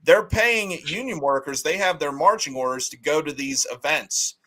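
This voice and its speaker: A man's voice: a little high, moderate pace, sharp tone. A man hosting a casual political livestream, talking bluntly and arguing his opinions. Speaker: livestream host.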